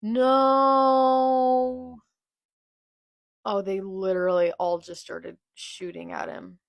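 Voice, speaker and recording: Gravelly-voiced young woman reacting emotionally. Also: on the low side, completely flat delivery, normal speed, dark tone, no room sound. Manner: emotional, swings from murmured reading to anguished outbursts. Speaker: manga reaction creator. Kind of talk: live reading reaction.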